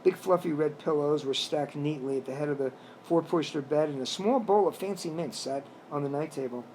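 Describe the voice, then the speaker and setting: Slightly high-voiced man reading his story. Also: a little fast, darkish tone, slight background noise, rough recording. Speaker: narrator. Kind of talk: reading a self-written story aloud.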